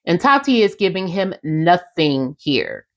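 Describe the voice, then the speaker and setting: A woman's voice: on the low side, sing-song, measured pace. A young adult woman hosting a casual podcast, recapping a reality show in a chatty, sassy way and speaking straight to her listeners. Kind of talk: casual recap, acting out quotes.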